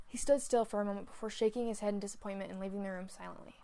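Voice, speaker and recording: Young woman reading fan fiction; monotone, gravelly narration. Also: mid-range voice, rapid-fire, hardly any pauses. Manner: flat reading with small slips.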